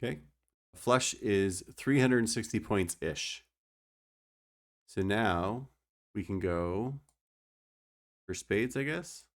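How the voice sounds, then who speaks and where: A man's voice: fairly low pitch, animated, slow, pauses often. A young man streaming a card game, explaining his moves and joking with his chat. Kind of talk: casual gameplay commentary.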